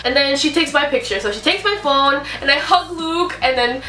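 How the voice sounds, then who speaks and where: Giggly, bright-voiced young woman gushing. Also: sits high, normal speed, a little hiss or hum. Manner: gushing, giggly, breathless excitement. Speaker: vlogger telling a story. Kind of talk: excited story time chat. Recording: echoey room, mic at a distance.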